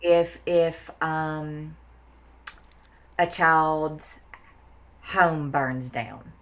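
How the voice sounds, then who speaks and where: Low-voiced lady on a podcast, blunt, emphatic, swears casually. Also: fairly even intonation, extremely slow. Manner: emphatic, blunt, swears freely, repeats words for stress. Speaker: therapist guest.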